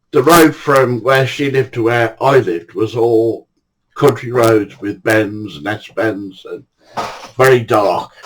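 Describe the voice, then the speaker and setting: A man's voice: mid-range voice, poor audio. An older man, casually telling anecdotes in a blunt way, swearing freely. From England. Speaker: storyteller.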